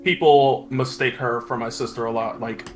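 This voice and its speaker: A man's voice: medium pitch, steady tone, moderate pace, soft background music. Easygoing man telling family anecdotes. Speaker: podcast guest. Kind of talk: casual chat.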